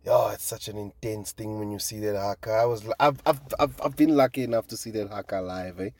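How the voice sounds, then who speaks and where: A man's voice: on the low side, a little fast, no echo. A man rambling on his own show, swearing and trailing off into fillers. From South Africa. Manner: profane, excitable, trails off with fillers. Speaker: comedian and podcast host. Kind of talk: casual rambling monologue.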